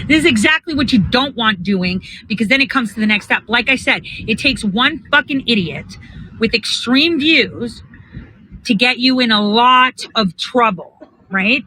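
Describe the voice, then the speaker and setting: Blunt, bright-voiced woman venting. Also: on the high side, expressive, moderate pace, a little hiss or hum, low-quality recording. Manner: blunt, profane, emphatic. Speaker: political organizer vlogger. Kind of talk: casual rant to viewers. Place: out and about heading to a coffee drive-thru.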